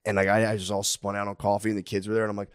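A man's voice: on the low side, completely flat delivery, very fast, clear, resonant tone, dry recording, clean studio sound. A man in his thirties chatting casually as a podcast co-host, rambling and swearing, often laughing at his own stories. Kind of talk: casual chat.

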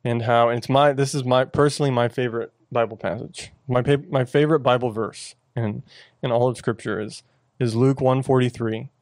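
An earnest man chatting about his faith on a talk show. His voice sits at an ordinary pitch, and he often stops and restarts mid-sentence. The sound is dry and close, with no room around it. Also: steady tone, a little mellow, dry recording. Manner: earnest, halting with many restarts. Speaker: podcast co-host. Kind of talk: casual faith discussion.

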